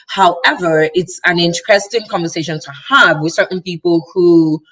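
A woman's voice: lowish voice, normal speed, fairly bright tone, husky. A woman from Nigeria, speaking in a thoughtful, reflective way during a casual chat. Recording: voice slightly distant from mic.

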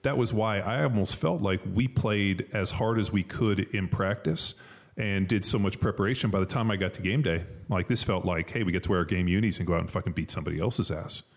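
A man's voice: sits low, brisk. A man, a former football player, co-hosting a podcast in casual, profane chat full of fillers. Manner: loose and profane, lots of fillers. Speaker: podcast co-host.

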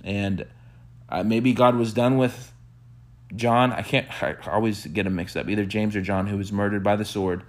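Man preaching, low voice, animated storyteller, hushed reflective asides. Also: moderate pace. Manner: animated storyteller, acts out quotes with sudden high-pitched bursts; drops to a soft hushed voice for reflective passages. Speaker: pastor. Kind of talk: sermon.

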